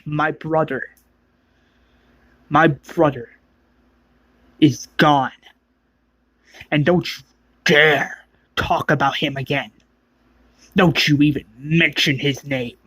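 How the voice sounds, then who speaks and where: A furious male survivor, fiercely loyal and swearing as he confronts a friend, as a man puts him on. The voice is husky and the delivery slow and heavy with threat. It sounds like a fan-made storytelling retelling. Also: a little high, steady tone, a bit bright, no room sound, exaggerated voice, low-quality recording.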